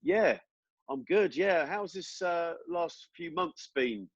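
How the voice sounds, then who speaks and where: A man's voice: a little high, animated, slow. A man hosting a music interview, chatty and laughing along with his guest. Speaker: host. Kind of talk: casual interview over video call. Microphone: video call. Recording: dry, dull lo-fi call audio.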